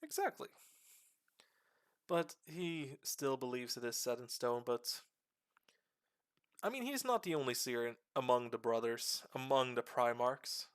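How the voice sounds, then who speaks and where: A man telling lore to a friend on a live stream, animated and chatty, with casual swearing. His voice sits at an ordinary middle pitch. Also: unhurried, pauses often, smooth.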